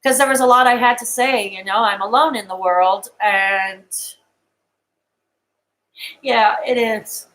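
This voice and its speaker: A woman's voice: fairly high pitch, a little slow, pauses often, fairly bright tone, rough recording. Tearful, raw-voiced woman live streamer. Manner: raw, emotional and defensive, talking to viewers in chat. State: crying.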